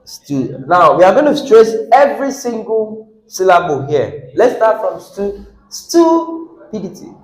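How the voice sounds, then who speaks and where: Animated, slow-talking male teacher. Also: sits high. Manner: questions students, repeats words with shifting stress. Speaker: English teacher. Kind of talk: classroom lesson on word stress. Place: classroom. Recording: echoey classroom.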